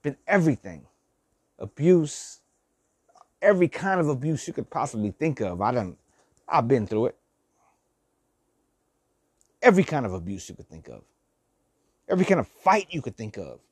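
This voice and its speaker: A man's voice: mid-range voice, very animated, brisk, long pauses, breathy edge, dry recording, clean studio sound. An older man giving heartfelt, repetitive life advice to his listeners, swearing and using slang. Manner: heartfelt, preachy, repeats phrases, swears, slangy. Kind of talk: emotional motivational monologue.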